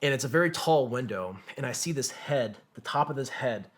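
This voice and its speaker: In a brisk, expressive mid-range voice, a male combat veteran relates his war story as a podcast guest. He doesn't hold back on swearing, and he acts out others' quotes as part of his vivid, profane conversational storytelling.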